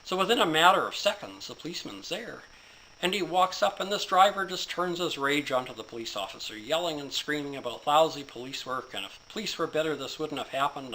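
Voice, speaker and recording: A man's voice: on the high side, animated, a little fast, bright, forceful tone, slight background noise, rough recording. A man telling a long joke in a casual, folksy storytelling manner.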